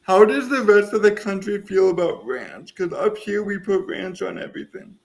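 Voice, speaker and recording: A man's voice: sits high, moderate pace, vocal fry. A man in his thirties from the US Midwest, chatting casually and rambling in a self-deprecating way on a podcast. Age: 30s. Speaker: podcast co-host. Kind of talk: casual chat.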